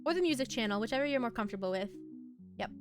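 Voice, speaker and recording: A woman's voice: fairly high pitch, animated, rapid-fire. A young woman streaming, chatting casually and giggling as she reads and answers her chat. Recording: faint music behind.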